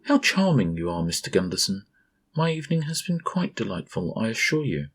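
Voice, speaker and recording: A man's voice: lowish voice, sing-song, brisk, slightly rough, voice pushed up, exaggerated voice. A man voicing an imperious ten-year-old princess in a storybook reading, speaking in a mock-gracious, regal and precise way.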